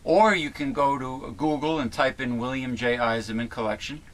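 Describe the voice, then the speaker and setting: A man's voice: medium pitch, steady tone, normal speed. Rambling, chatty male talk show host. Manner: rambling, chatty, many fillers and restarts. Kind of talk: casual talk show chat.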